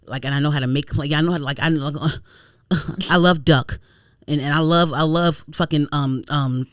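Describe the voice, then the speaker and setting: Rambling animated podcast woman. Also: sits low, moderate pace, dry recording, clean studio sound. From United States, Prince George's County, Maryland. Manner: animated, rambling, many fillers and restarts. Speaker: podcast co-host. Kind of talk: casual chat.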